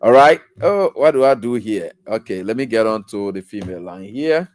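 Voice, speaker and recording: A man's voice: fairly low pitch, animated, moderate pace, darkish tone. A man hosting a call-in radio show, easygoing and encouraging, chuckling often.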